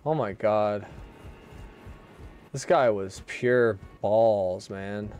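A man's voice: fairly low pitch, very slow, a little mellow, faint music behind. A young man giving casual, profane live commentary while streaming a game. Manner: casual and profane, swears freely.

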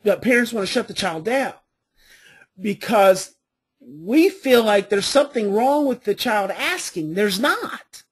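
A woman's voice: medium pitch, lively intonation, a little slow, slightly rough. A woman giving a parenting coaching class, telling family stories and hammering points home by repeating them. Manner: storytelling with family anecdotes, emphatic repetition.

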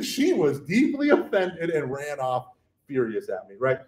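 A man teaching a Catholic catechism lesson, animated and conversational, often checking in with "right?" and acting out the voices in scripture stories. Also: medium pitch, roomy sound.

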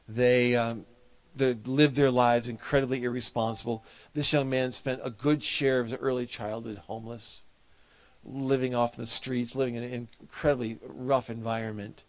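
A man's voice: medium pitch, no room sound. A man preaching a sermon as a pastor, telling a personal story in an earnest, heartfelt way.

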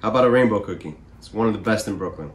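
A man's voice: fairly low pitch, very fast, roomy sound. A man playing a friendly, polite baker in a comedy sketch.

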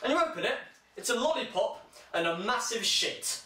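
A young man delivering a sarcastic comic monologue, breaking into shrill mocking voices. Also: animated, normal speed, pushed and bright, a little hiss or hum. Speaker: comedian. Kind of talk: stand-up style comic monologue. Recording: echoey room, mic held far off.

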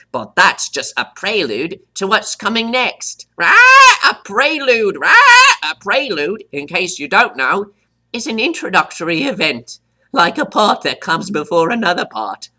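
A man voicing a cocky, hot-tempered male pet parrot who teaches vocabulary, boasting and stopping to define words, with squawky high jumps on "right?". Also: bright, forceful tone, full character voice. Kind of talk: scripted vocabulary lesson.

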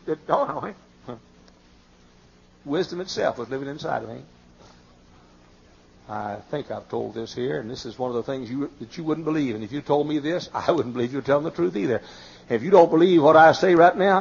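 Man in his fifties, pastor, sermon, gravelly voice, folksy storytelling, muffled tape. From Texas. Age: 50s. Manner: folksy, animated, often cries out in high excited bursts. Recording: muffled old sermon tape with faint hiss.

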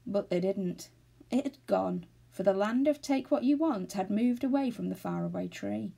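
A woman reading a children's novel aloud, steady and expressive. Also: mid-range voice, moderate pace, creaky, breathy edge. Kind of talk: storybook read-aloud.

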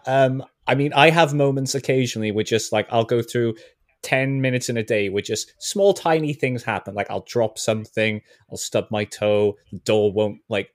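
A man co-hosting a casual podcast chat, laughing often and breaking into shouted villain impressions. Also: lowish voice, no room sound, studio quality. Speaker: podcast co-host.

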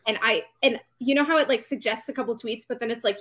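A woman's voice: a little high, fairly bright tone. A woman co-hosting a casual livestream chat, enthusiastic and full of "like" fillers. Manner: fast, enthusiastic, filler-heavy. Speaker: co-host.

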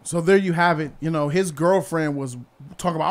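A man's voice: on the high side, fairly quick. A man hosting a casual vlog and giving blunt, slangy street commentary. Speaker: vlog host. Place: outdoors in a city.

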